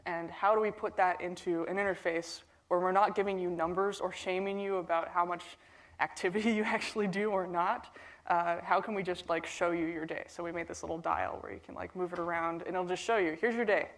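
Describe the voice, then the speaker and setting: A woman's voice: fairly low pitch, fairly even intonation, brisk. Chatty woman giving a keynote. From Portland, Oregon. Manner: casual and chatty, with frequent fillers and a few laughs. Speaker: keynote speaker. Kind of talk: conference keynote talk. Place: conference hall stage.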